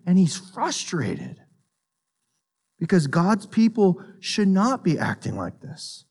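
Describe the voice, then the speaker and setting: Guy preaching, kinda high voice, earnest, pushes up on big points then goes low and soft. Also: very animated, slow. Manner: earnest, rises with emphasis and drops low and soft for solemn points; repeats words while thinking. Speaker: pastor. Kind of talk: sermon.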